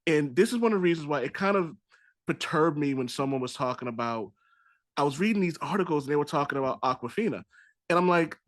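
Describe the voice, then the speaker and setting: A man's voice: on the high side, lively intonation, fast, no echo. A man with a Boston accent hosting a casual podcast chat, loose and rambling, swearing casually. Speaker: podcast host.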